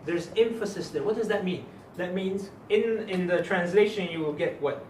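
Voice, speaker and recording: A man's voice: high-pitched, normal speed, darkish tone, recorded from a distance, slight background noise. A man teaching a religious lesson to a class of students, emphatic and quizzing them with questions as he goes. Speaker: Islamic teacher. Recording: echoey room recorded from afar.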